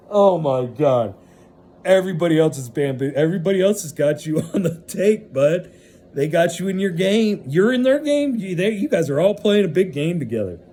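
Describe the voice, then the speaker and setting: A man in an unscripted vlog monologue, ranting with lots of swearing and swinging between loud outbursts and hushed stretches. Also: high voice, lively intonation, moderate pace. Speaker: vlogger.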